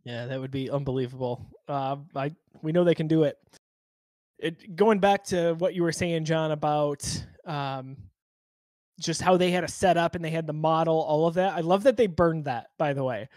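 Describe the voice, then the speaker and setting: A man hosting a podcast in casual chat, thoughtful and halting, with frequent restarts. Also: on the high side, darkish tone, no room sound. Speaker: podcast host.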